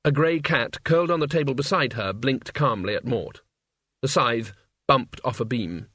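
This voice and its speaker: Measured male audiobook narrator. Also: medium pitch, a bit bright, slightly rough, no room sound, clean studio sound.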